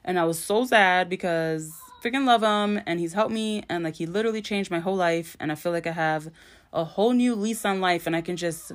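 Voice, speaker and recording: A chatty woman in her thirties talks through her week on a solo podcast. Her voice sits a little low, and she rambles, laughs often and swears without a second thought. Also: a little fast. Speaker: podcast host. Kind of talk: casual solo podcast chat.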